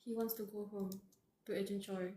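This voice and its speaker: This time the live novel reader's voice is mid-range, mellow and flat, moving at a moderate pace. She still gets emotional and rambles, filling gaps with lots of fillers, and the room sounds spacious with a little background noise.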